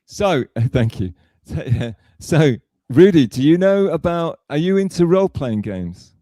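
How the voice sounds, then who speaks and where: Chatty man with a lively voice. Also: a little high, measured pace, dry recording, studio quality. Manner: chatty, calls people darling, lots of fillers. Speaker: streamer host. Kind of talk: casual stream chat.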